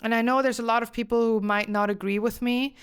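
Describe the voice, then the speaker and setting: A young woman from Switzerland hosting a solo podcast, telling a story in a chatty, animated way with lots of fillers. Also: fairly high pitch, fast, clear, resonant tone. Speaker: podcast host.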